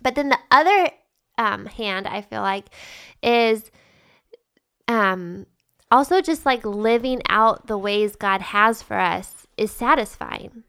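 A woman's voice: medium pitch, expressive, takes it slowly, creaky, fairly bright tone, clear, resonant tone. Giggly woman co-hosting a faith podcast. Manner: giggly, teasing, thinks aloud with fillers. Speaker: podcast co-host. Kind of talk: casual faith podcast chat.

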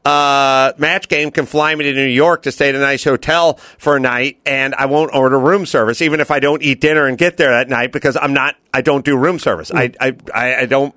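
A man hosting a podcast, chatting loosely and wandering through long stories. He slips into the voices of people he quotes. The studio mic sounds dry and close, and his pitch sits in a middle range. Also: steady tone, a little fast, hardly any pauses, bright, forceful tone, no echo. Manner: rambling storyteller, acts out quoted voices. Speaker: podcast host. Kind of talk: casual chat.

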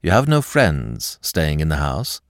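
Man playing a grave, commanding gentleman thief. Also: a bass voice, huge pitch swings, no echo, clean studio sound, pitched below the performer's own voice, exaggerated voice. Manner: measured, grave, authoritative.

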